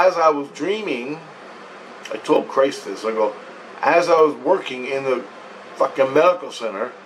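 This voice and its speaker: A man telling a rambling personal story at home, profane and excited, acting out what he and others said. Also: medium pitch, recorded from a distance, slight background noise, low-quality recording. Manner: profane, excited, quotes himself and others animatedly.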